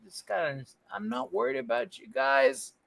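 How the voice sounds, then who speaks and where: Lively, high-pitched joking man. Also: fairly quick, vocal fry. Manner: animated, joking, bursts of laughter and shouts. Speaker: guest comedian and impressionist. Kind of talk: casual livestream chat.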